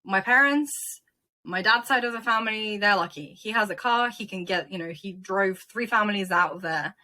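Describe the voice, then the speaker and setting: A young woman from Ukraine, interviewed as a guest, retelling events in an animated, emotional way. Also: medium pitch, normal speed. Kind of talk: casual interview storytelling.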